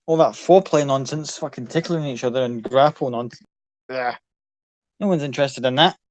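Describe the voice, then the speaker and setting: A man's voice: medium pitch, brisk, no room sound, natural voice. A man voicing a brash, foul-mouthed male circus ringmaster in a tabletop game. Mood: scornful. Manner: loud, foul-mouthed and bossy.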